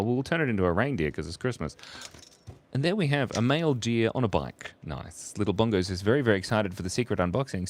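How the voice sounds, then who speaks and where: A young man on a casual live stream, drawing while chatting playfully, reading chat messages aloud and laughing often. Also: medium pitch. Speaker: livestream artist drawing for chat.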